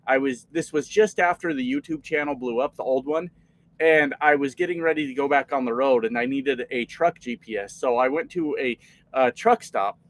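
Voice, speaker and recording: A man's voice: medium pitch, moderate pace, rough recording. A man around forty, a trucker chatting casually on his live stream, reading out comments and telling long, profane, rambling stories.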